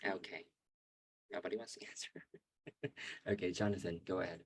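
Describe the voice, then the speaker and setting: A man with a slightly husky voice leads an online English class, calling on students by name and repeating words slowly so they can copy them. The sound is dry and close to the mic, as on a video call. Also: sits low, level tone, no echo, low-quality recording. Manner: patient, drills words slowly for pronunciation. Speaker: English teacher. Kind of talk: online language lesson.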